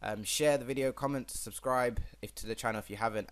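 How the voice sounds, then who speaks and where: A man's voice: mid-range voice, fairly quick, clean tone. A young man hosting his own gaming channel, chatting casually and rambling through a football management game with plenty of fillers.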